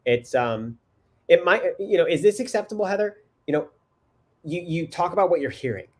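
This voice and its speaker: A man hosting a parenting talk show, speaking casually and haltingly, repeating words as he goes. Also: high voice, animated, darkish tone. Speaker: podcast host.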